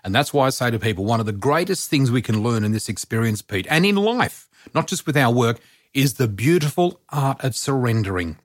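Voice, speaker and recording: Earnest man in his sixties, medium-pitched and speaking right into a dry, close mic, podcast guest who turns to the audience with heartfelt encouragement. He talks about spiritual matters in a steady, sincere way. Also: a little fast, no echo. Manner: earnest, encouraging, addresses listeners directly. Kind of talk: casual podcast chat.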